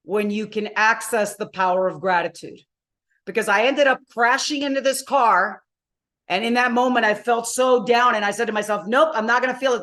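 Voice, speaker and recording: A middle-aged woman coach giving a live online masterclass, telling stories in an emphatic, animated way. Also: medium pitch. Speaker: motivational coach.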